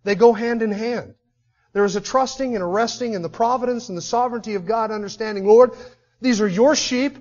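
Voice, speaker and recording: A man's voice: sits high, fast, lo-fi sound. A man, a pastor, preaching an expository sermon earnestly, swelling into emphatic declarations. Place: church sanctuary.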